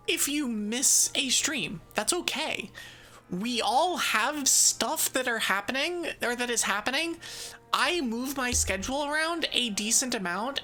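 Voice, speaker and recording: This is a woman VTuber chatting live with her chat in a bubbly, sarcastic, giggly way. Her voice is high, bright and forward. It swoops widely in pitch, and faint game music plays underneath. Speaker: VTuber streamer. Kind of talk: casual live-stream chat, answering chat.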